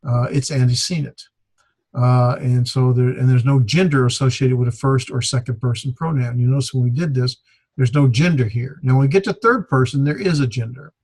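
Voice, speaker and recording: A man teaching a Greek grammar class, explaining in a halting way with many fillers. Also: medium pitch, darkish tone, husky. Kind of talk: classroom lecture.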